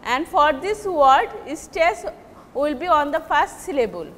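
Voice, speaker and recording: High, bright Bangladeshi-accented woman teaching. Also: lively intonation, big-room sound. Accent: Bangladeshi English. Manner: slow, halting explanation with repeated example words. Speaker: English teacher. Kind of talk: classroom lecture on word stress.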